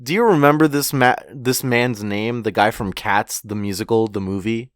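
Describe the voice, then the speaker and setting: A man's voice: medium pitch, moderate pace, dry recording, clean studio sound. A man co-hosting a podcast, chatting casually and unhurriedly, swearing now and then. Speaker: podcast co-host. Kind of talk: casual chat recapping a manga chapter. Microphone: podcast microphone.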